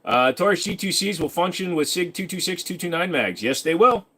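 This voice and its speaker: A man's voice: high-pitched, expressive, a little fast, a bit bright, slightly rough. A young man hosting a casual live stream, reading questions from chat aloud and answering them in a rambling, joking way.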